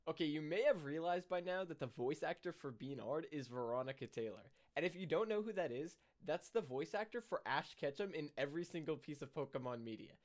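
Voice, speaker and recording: A man's voice: a little high, lively intonation, a little fast, hardly any pauses. A man giving casual, dry, sarcastic commentary on a movie, with some hesitation. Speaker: movie reviewer.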